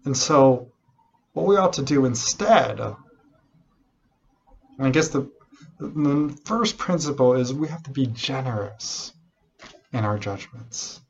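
A man preaching a sermon, animated and unhurried, often restarting his phrases. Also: medium pitch, vocal fry, lo-fi sound, a little hiss or hum. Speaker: pastor.

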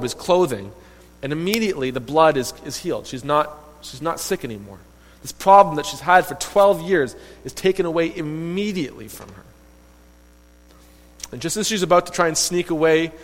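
A man preaching a sermon, retelling a story in a lively, emphatic way and voicing the quoted characters. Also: on the high side. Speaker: pastor. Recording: long reverb of a hall.

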